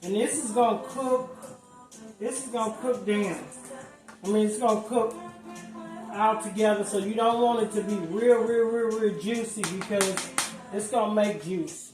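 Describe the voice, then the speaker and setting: A woman's voice: mid-range voice, normal speed, reverberant, distant mic, music in the background, rough recording. A woman hosting a home cooking video, talking casually through each step with plenty of fillers. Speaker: home cooking channel host. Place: home kitchen.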